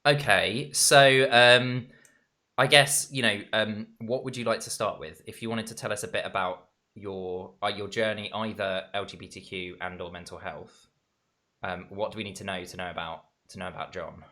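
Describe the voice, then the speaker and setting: Deep bright-voiced stream host. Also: male voice, fairly even intonation, normal speed. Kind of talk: casual conversation.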